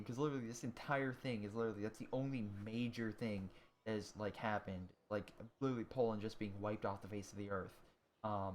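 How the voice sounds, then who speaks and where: A mid-pitched man talks through his strategy game as he plays, rambling with fillers and restarts. He groans at setbacks and cheers on his side. A clear steady hiss runs under his desk-mic recording. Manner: chatty, thinks aloud, many fillers and restarts. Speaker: gaming video host. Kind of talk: casual let's-play commentary. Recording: steady audible background noise.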